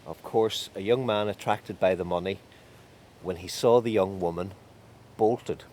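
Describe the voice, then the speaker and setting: A man telling a folk tale in a lively, wry way with drawn-out emphasis. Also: sits low, a little hiss or hum. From County Tyrone. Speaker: storyteller.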